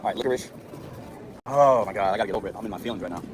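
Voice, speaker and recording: A man live streaming from a grocery store, complaining and coaching himself out loud. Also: fairly low pitch, racing, noisy background. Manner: frustrated, self-talk, dramatic complaints. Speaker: livestreamer. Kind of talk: live stream while shopping.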